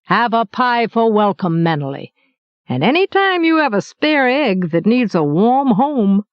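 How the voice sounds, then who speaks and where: A woman's voice: fairly high pitch, very animated, measured pace, no room sound, lo-fi sound. A woman voicing a middle-aged male baker journeyman, blunt, teasing and mock-stern.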